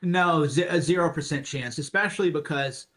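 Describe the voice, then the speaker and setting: A man's voice: on the high side, normal speed, a bit bright. A man as a podcast guest, talking emphatically in casual chat, repeating points with sardonic asides.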